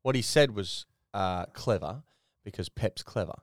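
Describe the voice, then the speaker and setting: A man's voice: fairly low pitch, expressive, a little slow, no room sound, studio quality. A man co-hosting a podcast, chatting bluntly with crude banter. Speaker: podcast co-host. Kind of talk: casual chat.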